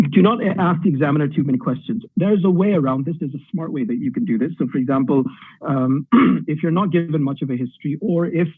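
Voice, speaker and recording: A man's voice: a little high, breathy edge, no echo, phone-quality sound. A middle-aged man from Pakistan, a radiology tutor giving direct exam advice in an online lecture, thinking aloud with fillers.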